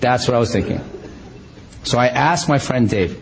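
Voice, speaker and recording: A middle-aged male pastor preaching a sermon in a conversational, animated way, with self-deprecating humor and frequent restarts. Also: mid-range voice, moderate pace, vocal fry, pauses often, a little hiss or hum, rough recording.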